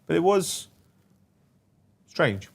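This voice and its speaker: A man's voice: a little high, very animated, drawn-out words, creaky, slightly rough. A man, co-hosting a livestream in a playful, joking way and thanking viewers. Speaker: co-host of a livestream show. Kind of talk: casual livestream chat.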